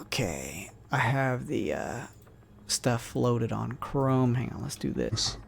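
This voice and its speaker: A man acting as game master, narrating a tabletop game in a relaxed, rambling way with plenty of fillers. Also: medium pitch, takes it slowly, gravelly.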